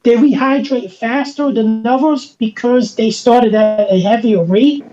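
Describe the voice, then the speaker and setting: A woman's voice: on the high side, unhurried, warm tone, lo-fi sound, faint music behind. A woman in casual podcast chat, explaining a point step by step with hesitant starts.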